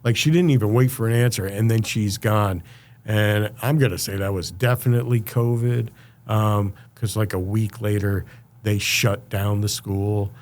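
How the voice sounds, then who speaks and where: A man speaking as a podcast guest, telling his story in a casual, animated way, acting out what others said and using lots of fillers. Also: on the low side, normal speed. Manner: animated, acts out quoted voices, many fillers.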